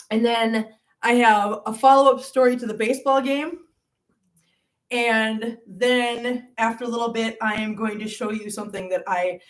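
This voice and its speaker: Sounding out of breath and far from the mic, a woman with a slightly high voice hosts her channel's casual livestream. She greets viewers by name and calls them pet names like hon and sweetie.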